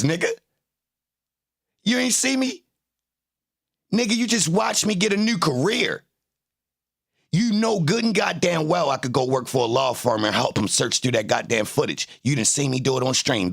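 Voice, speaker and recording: A man hosting a livestream, talking in a casual, animated, boastful way full of profane trash talk. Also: mid-range voice, creaky. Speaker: livestream host.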